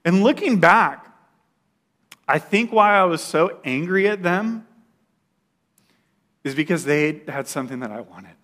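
With a fairly high pitch, a young man shares a personal testimony in casual storytelling fashion, his retelling animated and packed with "like." He keeps a measured pace and pauses often.

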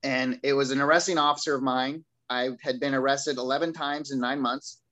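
A man's voice: mid-range voice, a little fast, rough recording. Candid man telling his story. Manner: animated, acts out dialogue with others; candid, self-deprecating, laughs at himself. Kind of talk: casual storytelling.

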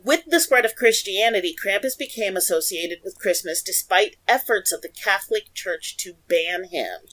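A woman's voice: medium pitch, lively intonation, moderate pace, a bit bright, rough recording. A young woman co-hosting a casual podcast, reading folklore research aloud with playful, giggly asides. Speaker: podcast co-host.

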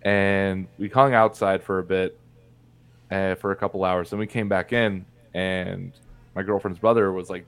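A man's voice: deep voice, little pitch movement, a little slow, smooth. A young man from Indiana, a podcast guest, telling a personal story in a candid, blunt way and swearing freely. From Indiana, USA. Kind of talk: casual storytelling in conversation.

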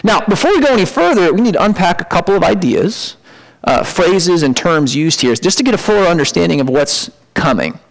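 Lively, conversational man preaching. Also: fairly quick, gravelly, rough recording. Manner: conversational, animated, jumps high for emphatic asides. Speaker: pastor. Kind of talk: sermon.

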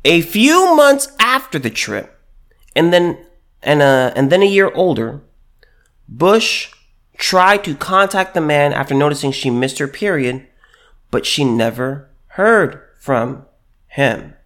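A man's voice: fairly high pitch, expressive, slow pace, a bit bright. A man giving opinionated video commentary and reading news aloud, emphatic and repeating himself, with many restarts.

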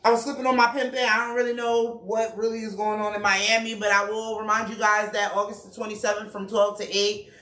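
Woman chef hyping her spot, bright sharp voice, kinda far off in an echoey room. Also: mid-range voice, fairly quick. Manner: chatty, laughing, relaxed slang. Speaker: chef and restaurant owner. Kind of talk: casual promo chat.

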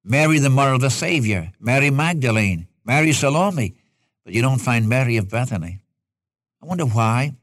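A man's voice: mid-range voice, expressive, normal speed, fairly bright tone, no echo, clean studio sound. A man preaching a sermon in an earnest, folksy way, asking rhetorical questions and speaking straight to his listeners as a Bible teacher.

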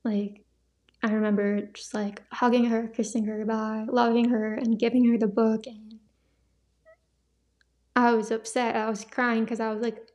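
A young woman hosting a podcast, sharing a personal faith testimony in a soft, halting, emotional way with many pauses. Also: fairly high pitch, little pitch movement. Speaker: podcast host. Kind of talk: personal testimony, casual talk.

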